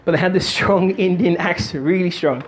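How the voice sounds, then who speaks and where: A man giving a motivational talk, telling a story in an animated, jokey way and doing voices. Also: high-pitched, moderate pace. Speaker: motivational speaker and stand-up comic.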